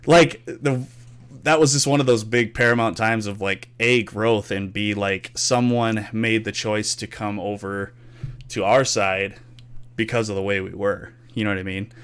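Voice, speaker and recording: A man's voice: lowish voice, measured pace, clean tone. A young man hosting a casual podcast, telling gaming stories with loose swearing and acted-out quotes. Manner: animated storyteller, swears freely, acts out quotes. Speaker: podcast host. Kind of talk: casual storytelling chat.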